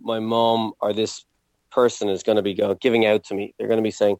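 A man's voice: fairly low pitch, brisk, no echo. A man, a comedian chatting casually and acting out bits. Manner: animated, acts out bits. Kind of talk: casual podcast chat.

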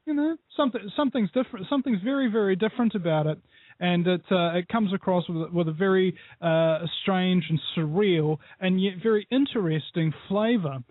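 Speaking as a guest with a radio show host on a call-in interview over Skype, a fairly high-voiced man from New Zealand rambles animatedly through his opinions, digressing often and talking fairly quickly. His voice arrives over a tinny, phone-like internet line, and the sound is bone dry with no room around it.

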